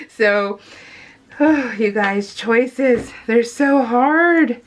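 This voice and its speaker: A woman's voice: fairly high pitch, takes it slowly. A grown woman chatting casually to viewers while she works on a scrapbooking project, rambling along and calling them you guys. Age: adult. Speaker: scrapbooking vlogger. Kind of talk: casual chat voiced over crafting.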